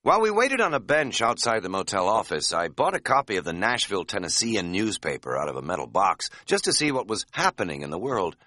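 Wry, lively male audiobook narrator. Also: fairly low pitch, brisk, hardly any pauses, no echo, clean studio sound. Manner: wry, deadpan humor.

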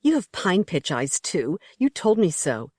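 A woman's voice: lowish voice, very animated, unhurried, a little mellow, dry recording, clean studio sound. A woman voicing a scared, sullen young girl in an audiobook story, speaking plaintively. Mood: insistent.

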